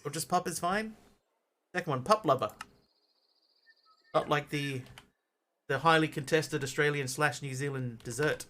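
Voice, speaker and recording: A man's voice: medium pitch, bright, forceful tone, slight background noise. A man streaming a game live, chatting casually and greeting viewers while he plays. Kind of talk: live gameplay commentary.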